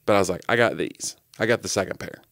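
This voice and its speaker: A man co-hosting a podcast, telling animated, jokey stories in casual chat. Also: fairly low pitch, fast, creaky, no room sound, studio quality. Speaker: podcast co-host.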